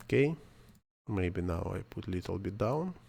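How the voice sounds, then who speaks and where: Male non-native English speaker, lowish voice, hesitant self-correcting software tutorial narration. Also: expressive, measured pace, creaky, slightly rough. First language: not English. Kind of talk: screen-recorded software tutorial.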